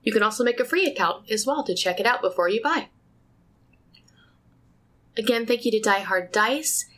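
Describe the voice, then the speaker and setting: A woman's voice: a little high, lively intonation, normal speed, a bit bright. Chatty woman hosting a role-play podcast. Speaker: host. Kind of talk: podcast hosting and sponsor reads.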